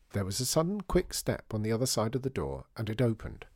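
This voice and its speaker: A man narrating a story in an expressive, wry way. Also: lowish voice, a little fast, few pauses, no echo, clean studio sound.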